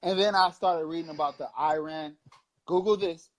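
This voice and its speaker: A man's voice: fairly high pitch, fairly even intonation, moderate pace. A man in his thirties from Long Beach, California, co-hosting a casual political chat show with impassioned, profane, rambling preaching. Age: 30s. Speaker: co-host.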